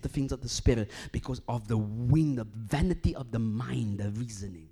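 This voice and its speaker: A man preaching a sermon, swinging from loud emphatic bursts to hushed low lines and repeating phrases as he builds a point. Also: moderate pace, hardly any pauses, breathy edge.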